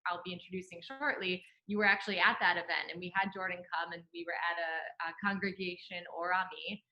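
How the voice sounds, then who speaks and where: A woman's voice: fairly low pitch, highs cut off. A woman with a Midwestern American accent hosting an online event, chatting casually and laughing easily over a video call. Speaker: event host and program director.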